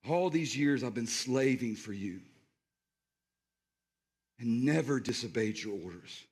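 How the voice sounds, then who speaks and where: A man's voice: mid-range voice, expressive, unhurried, husky. A male pastor preaching a sermon, addressing the congregation directly and acting out scenes.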